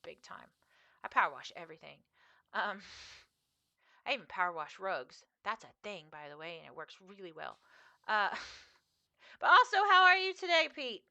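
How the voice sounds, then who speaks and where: A woman's voice: medium pitch, big pitch swings, normal speed, gravelly, long pauses, bright, forceful tone, no room sound, highs cut off. A young woman streamer chatting casually with her viewers while she plays, rambling with frequent fillers and laughs. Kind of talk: casual live-stream chat while gaming.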